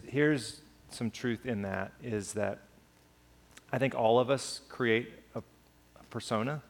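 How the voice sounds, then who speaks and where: Low, gravelly-voiced preacher. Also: male voice. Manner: reflective, measured closing. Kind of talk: sermon.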